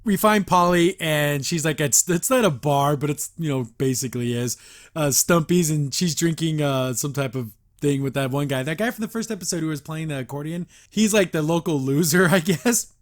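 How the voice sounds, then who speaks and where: Guy recapping a cartoon episode, chatty, laughs a lot, slightly high voice. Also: moderate pace. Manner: chatty, laughs often, lots of filler "like". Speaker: host. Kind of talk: casual episode review and recap.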